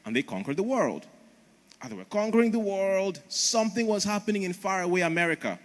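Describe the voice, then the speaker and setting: A man's voice: high voice, lively intonation, fairly quick. A man preaching a conference sermon in an emphatic, storytelling manner, in a large church auditorium. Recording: long reverb of a large hall.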